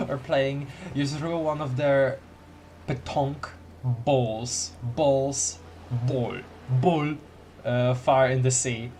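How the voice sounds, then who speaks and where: A man's voice: medium pitch, steady tone, drawn-out words, a little mellow, slight background noise. A man streaming a story game, reading dialogue aloud with lots of giggles and playful repeated words.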